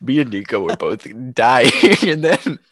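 A man's voice: mid-range voice, unhurried, no room sound, studio quality. A young man co-hosting a podcast, telling stories in a casual chat and laughing often. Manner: laughs often, animated storytelling. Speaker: podcast co-host.

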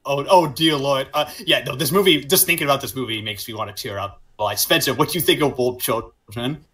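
Bright-voiced animated podcast host man. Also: mid-range voice, brisk. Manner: animated, laughs often, swears. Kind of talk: casual podcast chat.

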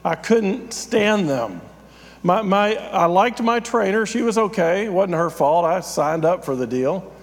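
A man's voice: high-pitched, lively intonation, measured pace, big-room sound. A man, a pastor, giving a conversational, self-deprecating sermon with frequent fillers.

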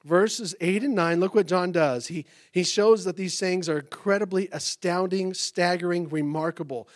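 Male pastor, high voice, animated sermon delivery, bursts of exclamation, acts out small exchanges. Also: normal speed. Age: adult parent.

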